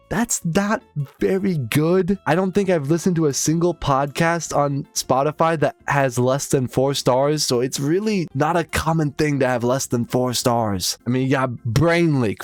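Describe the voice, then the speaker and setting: A man's voice: fairly high pitch, no echo. A man ranting sarcastically and swearing as he reacts to a podcast. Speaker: commentary host. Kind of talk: reaction commentary.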